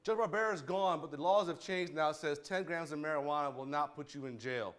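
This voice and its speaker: Man, judge type, preachy and fired up, a bit high-pitched, stutters when excited, speaking in a courtroom. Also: brisk. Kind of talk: animated courtroom talk to students.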